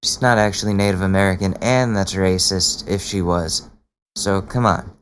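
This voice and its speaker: A man's voice: deep voice, moderate pace, slight background noise. A man hosting a podcast, reacting to clips in casual commentary, blunt and incredulous, swearing freely. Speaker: podcast host.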